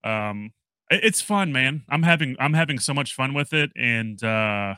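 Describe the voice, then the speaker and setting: A young man hosting a relaxed podcast chat. His voice is bright and forward, and the sound is dry and close. He rambles easily, leaning on fillers as he talks. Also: medium pitch, measured pace, clear, resonant tone, no room sound. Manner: laid-back, rambling, lots of fillers. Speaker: podcast host. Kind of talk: casual chat.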